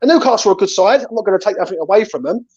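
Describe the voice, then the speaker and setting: After a match, a man hosting a fan channel angrily rants and swears, repeatedly saying "right?" and "mate". His voice sits high with lively intonation and a racing pace, and the lo-fi recording sounds slightly dull.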